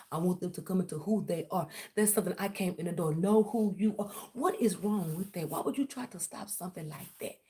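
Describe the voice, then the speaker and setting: A woman's voice: lowish voice, dark tone. A woman hosting her own tarot channel who speaks, confronting a former client in a blunt, confrontational livestream rant full of swearing. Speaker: tarot reader and channel host. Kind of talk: heated livestream rant to viewers.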